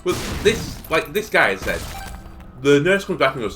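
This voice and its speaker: Chatty young man, lively pitch. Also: normal speed, faint music behind. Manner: rambling storytelling, many fillers. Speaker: gaming video host. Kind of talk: casual commentary while playing.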